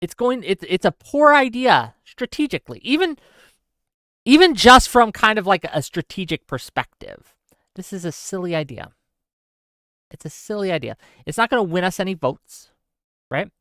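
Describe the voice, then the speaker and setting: A man's voice: high voice, very animated, moderate pace, a bit bright, no echo. A man hosting a livestream, reading out chat comments and ranting in a sarcastic, exasperated way. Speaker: streamer host.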